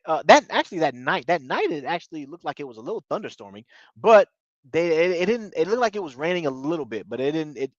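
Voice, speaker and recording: A TV reviewer talks through an episode in a loose, rambling recap, his voice on the high side and slightly raised. He circles back on what he said and tosses in fillers like "you know what I mean." The recording is dull and lo-fi, very dry, with no echo.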